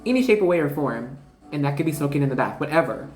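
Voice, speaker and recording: A woman's voice: deep voice, expressive, fast, darkish tone, faint music behind. A woman giving a casual spiritual card reading, rambling and slangy, constantly talking to her viewers as "you guys.". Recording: roomy echo.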